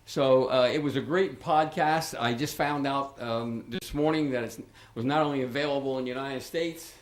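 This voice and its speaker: At a township meeting, an older local author speaks informally in a medium-pitched voice at a moderate pace. The echoey meeting room carries his rambling, chatty remarks, which are full of restarts and asides.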